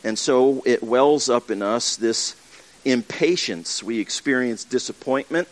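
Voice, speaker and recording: A man's voice: mid-range voice, measured pace. A man preaching a sermon to his congregation in an earnest, conversational way, with frequent restarts and acted asides. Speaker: pastor. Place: church with livestream.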